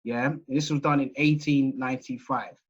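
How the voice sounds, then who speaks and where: English guy giving a lecture on a video call, chatty, keeps asking "right?", slightly husky, muffled audio. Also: mid-range voice, fairly even intonation, normal speed. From England. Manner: conversational, chatty, checks in with listeners.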